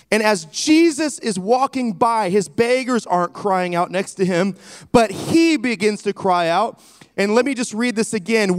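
High-voiced emphatic male preacher. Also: no room sound, studio quality. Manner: emphatic, calls out to the congregation. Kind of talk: sermon.

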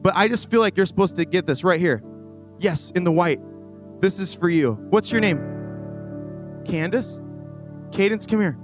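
High-voiced animated male preacher. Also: moderate pace, pauses often, soft background music. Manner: energetic, animated preaching with rambling asides. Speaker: youth pastor. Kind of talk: sermon. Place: church stage before a congregation.

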